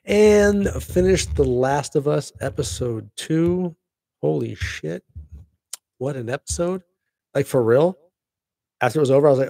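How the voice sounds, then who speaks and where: A middle-aged man hosting his own show in casual chat, excitable and rambling with laughing asides. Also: medium pitch, normal speed, vocal fry, no echo. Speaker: podcast host.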